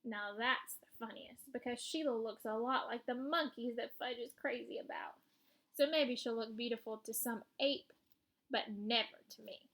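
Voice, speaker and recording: A woman narrating a children's storybook in the first person, lively and wry. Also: a little high.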